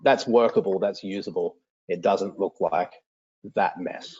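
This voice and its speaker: A man teaching, demonstrating software for a lesson in an explanatory, enthusiastic way. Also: a little slow, slightly rough, lo-fi sound. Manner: explanatory, enthusiastic, with lively pitch swings.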